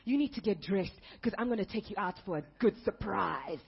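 Easygoing husband, casual, woman doing the voice, lively pitch. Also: brisk, vocal fry, slightly rough, muffled recording, heavily acted. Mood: coaxing. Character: cheerful husband, adult man, easygoing.

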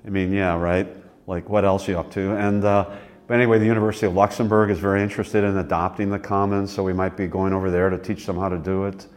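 A man in his sixties, interviewed, telling his life story in a rambling, relaxed way with many fillers. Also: low-pitched, fast. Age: 60s. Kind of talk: reflective personal storytelling.

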